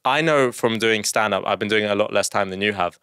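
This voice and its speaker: A man's voice: lowish voice, fast, a bit bright, clean tone, no echo, studio quality. A man who does stand-up, a guest on a podcast in casual chat, earnest and peppering his speech with "like". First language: English.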